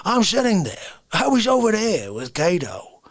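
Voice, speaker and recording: A man putting on a deep, gruff, indignant voice, scolding someone with a growl. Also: wildly swooping pitch, normal speed, exaggerated voice. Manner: indignant, growling, repeats "how dare you".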